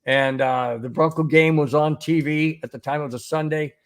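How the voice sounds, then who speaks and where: A middle-aged man hosts a live sports show from home, chatting loosely and often repeating himself as he restarts sentences. His voice sits a little higher than most men's. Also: fairly even intonation, normal speed. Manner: rambling, repeats words, reads chat aloud. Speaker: sports podcast host. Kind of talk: casual live-stream talk.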